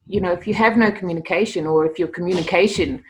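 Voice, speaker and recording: Woman, middle-aged interview guest, lower voice, animated stories, stumbling restarts. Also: quick pace. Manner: animated, repeats words when starting sentences. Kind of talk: casual storytelling interview.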